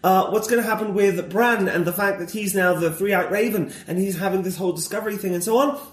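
A man's voice: sits high, quick pace, echoey room. A man talking as a guest in a casual conversation, enthusiastic and opinionated, wandering off on tangents.

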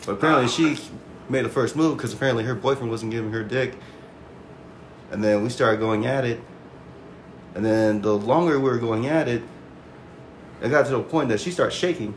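A man's voice: medium pitch, moderate pace, pauses often, a little hiss or hum. A man casually telling a crude personal story on a podcast, laughing and acting out quotes in a raised voice.

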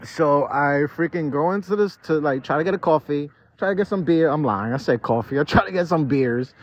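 A man's voice: on the high side, a little fast. A tipsy man hosting a podcast outdoors in a city park. He rambles through a casual, profane monologue, full of stammered restarts. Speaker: podcast host. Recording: dull lo-fi outdoor recording.

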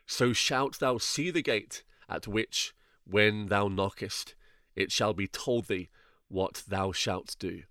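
A stern guide who directs in slow, measured commands, as a male reader voices him. His low voice sounds dry and close to the mic. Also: a bit bright, no room sound. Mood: commanding. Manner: measured, authoritative.

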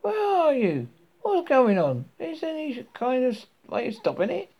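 A man puts on an exasperated man turned into a penguin, squawking shrill, panicked questions in a storybook reading. The voice jumps around in pitch, with a gravelly rasp underneath. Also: wildly swooping pitch, normal speed, a little mellow, exaggerated voice.

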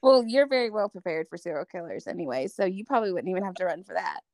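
A woman's voice: fairly low pitch, animated, fast, darkish tone, no echo, studio quality. A woman with a Southern US accent co-hosting a podcast in casual chat, often agreeing and saying yes. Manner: agreeable, frequent yeses and mm-hmms. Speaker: podcast co-host.

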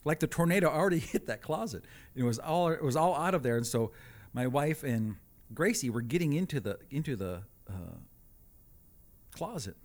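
A man telling a comic personal story, animated with deadpan asides. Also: on the high side, normal speed.

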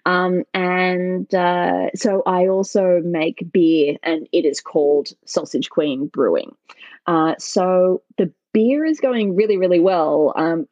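A chatty woman from Australia whose accent leans a little North American, talking casually and laughing at herself. Her voice is a touch husky, recorded dry and close with a slightly dull, lo-fi sound. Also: lowish voice, darkish tone, no room sound. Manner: chatty, self-deprecating, laughs often. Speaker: sausage maker and brewer, guest. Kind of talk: casual interview chat.

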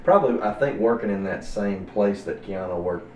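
A man in casual podcast chat, often breaking into laughter as he tells animated stories. He sits some way off from the mic, and his voice rings around an echoey room. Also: on the low side, moderate pace, distant mic, slight background noise.

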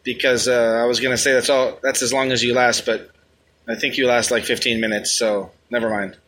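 A man's voice: medium pitch, flat delivery, brisk, a bit bright. A man with a New York accent hosting a comedic rant, brash, profane and rambling. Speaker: comedic host.

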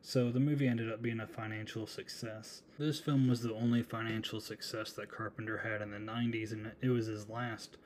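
A man's voice: on the low side, level tone, a little fast, few pauses, slight background noise. A man hosting a solo horror movie podcast, casually retelling a film's plot with chatty asides. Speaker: podcast host.

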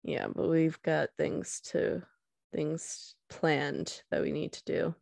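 Low-voiced young woman, slow and giggly. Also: little pitch movement, gravelly, noisy background. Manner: filler-heavy, giggly. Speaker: podcast co-host. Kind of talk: casual chat.

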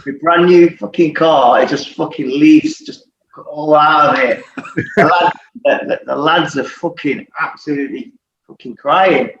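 A former footballer appearing as a guest swears his way through casual stories, laughing and staying animated throughout. He speaks with a fairly high pitch at a measured pace, and the recording comes across echoey, distant and dull with faint noise.

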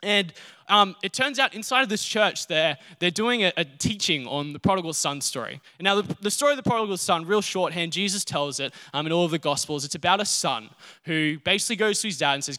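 A man preaching in an earnest, personal storytelling way. His voice is fairly high and bright. It rings out with a long reverb, as in a large hall or church. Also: expressive, brisk. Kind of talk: sermon.

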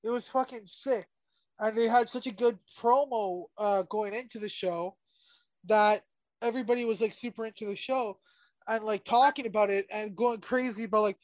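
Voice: mid-range voice, fairly even intonation, moderate pace, no room sound. A podcast co-host in casual chat who rambles, swears and hesitates often.

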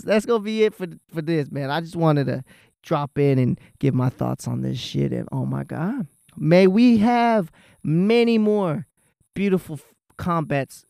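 Excited, profane man with a gravelly voice. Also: fairly high pitch, dry recording, clean studio sound. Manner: excited, profane, rambling with restarts. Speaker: vlogger. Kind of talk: casual fight reaction monologue.

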